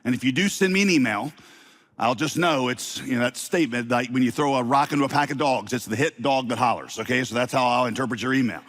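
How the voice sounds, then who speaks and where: A middle-aged man with a slight Southern accent, preaching a sermon to his congregation with lively delivery and playful asides. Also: medium pitch, quick pace. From Southern United States. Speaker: pastor.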